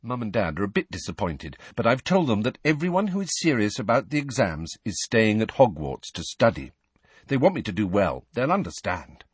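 A man reading aloud and voicing a brisk, impatient teenage schoolgirl who lectures her friends in an audiobook. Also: lowish voice, big pitch swings, husky, no echo. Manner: brisk, impatient, know-it-all.

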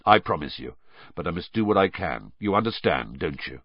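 Brief: a quiet, reassuring fugitive godfather, read by a man, deep-ish voice, dry lo-fi audiobook sound. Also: very animated, a little fast, no echo. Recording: dull lo-fi recording.

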